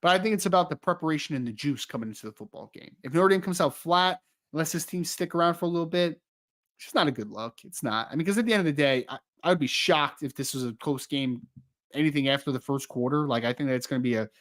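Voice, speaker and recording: A man's voice: fairly high pitch, fast, a bit bright. A young man co-hosting a live-streamed podcast, chatting casually, rambling and joking, and easily sidetracked. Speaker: podcast co-host.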